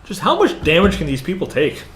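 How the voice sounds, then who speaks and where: A man co-hosting a casual movie review chat, rambling and hesitant with lots of fillers, then growing animated. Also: sits high, fairly quick. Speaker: podcast co-host.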